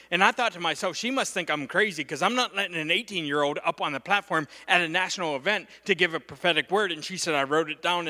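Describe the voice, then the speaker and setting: A middle-aged man preaching as a guest speaker, telling a personal story in an animated, conversational way and often checking in with "okay". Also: a little high, long reverb tail. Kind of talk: storytelling sermon.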